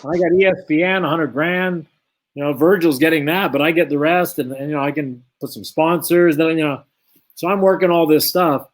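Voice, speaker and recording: Lively storytelling man, somewhat high voice. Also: fairly quick. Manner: lively anecdote-telling, acts out both sides of the dialogue. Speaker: former boxer, guest. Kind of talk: animated storytelling in an interview.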